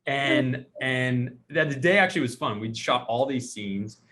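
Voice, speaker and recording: A man hosting a casual podcast, telling a long story with lots of life and acting out the other people's lines himself. His pitch sits in a middle range and moves around. He talks the way you would with a friend. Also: unhurried. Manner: animated storyteller acting out quotes. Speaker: podcast host.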